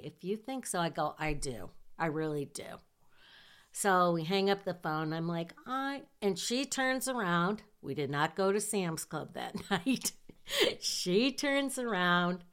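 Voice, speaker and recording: A woman who works as a nurse, telling a personal story in a lively, chatty way, dropping to hushed asides for effect. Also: lowish voice, clean tone.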